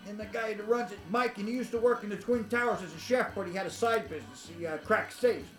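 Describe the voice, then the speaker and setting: A man's voice: high voice, quick pace, fairly bright tone, faint music behind. A man telling rambling, blunt stories to the camera, swearing constantly and laughing at his own tales. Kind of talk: rambling profane storytelling. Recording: echoey room.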